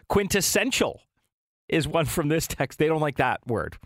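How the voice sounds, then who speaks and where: A man's voice: fairly high pitch, lively intonation, slow pace, pauses often, no room sound, clean studio sound. A man co-hosting a morning radio show, chatting casually, laughing often and reading out listener texts.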